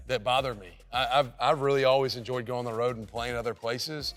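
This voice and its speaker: A man's voice: mid-range voice, steady tone, a bit bright. Laid-back coach guy in his 40s, just chatting thru a tour, bit of music under. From Kentucky. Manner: easygoing storyteller, quick asides. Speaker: head football coach. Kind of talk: casual interview and facility tour.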